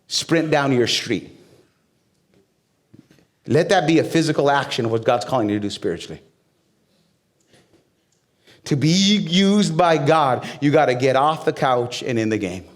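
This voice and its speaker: A male pastor preaching a sermon, talking straight to the people in the room with humor and questions, and building up to loud, high-pitched climaxes. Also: animated, a little slow, long pauses. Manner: conversational with humor and direct questions to the crowd.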